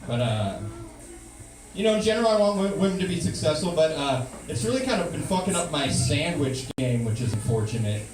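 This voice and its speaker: A man performing a stand-up comedy set with an ironic, deadpan delivery. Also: on the high side, a little fast. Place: live comedy club. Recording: roomy, distant live room recording with noise.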